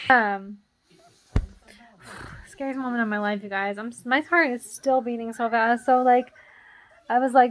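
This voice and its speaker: A woman's voice: on the high side, moderate pace, long pauses. A young woman vlogger telling a story in a casual, rambling way, full of "like" fillers, still shaken and jittery.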